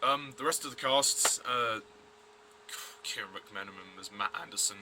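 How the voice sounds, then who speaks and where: A man's voice: fairly low pitch, moderate pace, heavy background noise. A man giving a blunt, rambling review of a TV episode, full of fillers and restarts. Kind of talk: casual review vlog.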